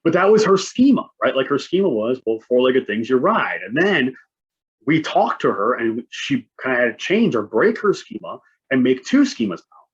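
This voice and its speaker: The presenter, a man, delivers his conference talk conversationally, leaning on frequent "right?" check-ins with listeners. His voice is husky and medium-pitched at a normal speed, and the audio sounds muffled and lo-fi.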